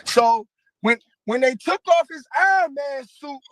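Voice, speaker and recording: A man in an interview clip, telling a story in a halting, rambling way with many pauses and restarts. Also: extremely high pitch, lively intonation, fairly bright tone, no room sound, rough recording. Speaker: battle rapper in interview clip.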